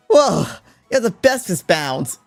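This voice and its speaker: A man reading the lines of an eager, cheerful young male sidekick in a mystery game, excitable and enthusiastic. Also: sits high, extremely slow, vocal fry, no echo, soft background music, voice pushed up, heavily acted. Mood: delighted.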